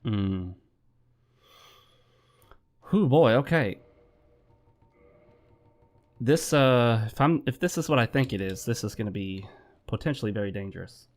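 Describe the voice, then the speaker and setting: A man's voice: on the low side, a little fast. A man doing casual let's-play commentary, talking over his game and breaking into frustrated rants. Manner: chatty, easily frustrated rants. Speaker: gaming commentator.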